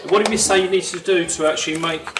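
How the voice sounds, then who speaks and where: A man teacher hosting a school podcast in a room, talking in a brisk, encouraging and jokey way. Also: high-pitched, fairly even intonation. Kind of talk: casual school podcast chat. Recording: echoey room, distant mic, noisy.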